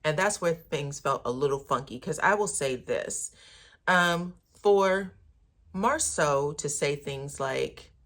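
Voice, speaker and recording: A woman's voice: low voice, takes it slowly, fairly bright tone. A woman casually recapping a reality show episode for her viewers, sassy and chatty, calling them honey and girl.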